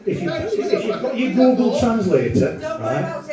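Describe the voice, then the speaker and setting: A sweary Northern English comedian working the crowd in a live set. His voice sits high and swings widely in pitch. It is picked up from some way off in an echoey room, with audience laughter around it. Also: wildly swooping pitch, measured pace, far from the mic. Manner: brash, sweary banter with the audience. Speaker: stand-up comedian.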